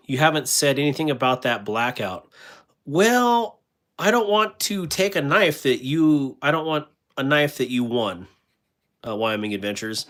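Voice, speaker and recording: A man's voice: mid-range voice, fairly bright tone. A man hosting a casual livestream, rambling with many fillers and restarts while he reads viewer comments aloud and answers them. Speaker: livestream host.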